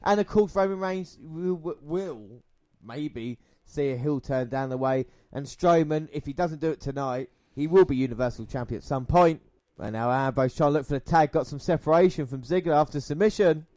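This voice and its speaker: A man co-hosting a podcast, giving excitable play-by-play of a wrestling match with swearing and banter, close to the mic. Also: fairly high pitch, normal speed, no room sound. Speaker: podcast co-host. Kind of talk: casual wrestling watch-along commentary.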